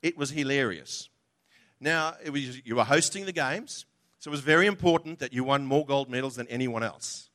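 A man's voice: mid-range voice, moderate pace, a bit bright. A man preaching a sermon in a conversational, humorous way, often asking the audience questions. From from outside Australia.

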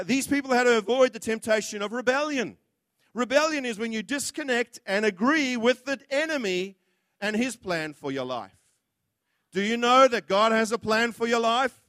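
A man with a high voice preaches a sermon in a blunt, impassioned manner, now and then acting out the words of others. The sound is dry and close, with no room echo. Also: pushed and bright.

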